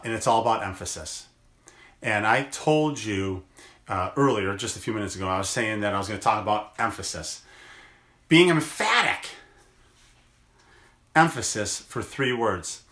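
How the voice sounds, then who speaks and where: A man who works as a chiropractor gives a motivational daily video message, talking slowly and deliberately in gentle encouragement and drawing out words for emphasis. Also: lowish voice, echoey room.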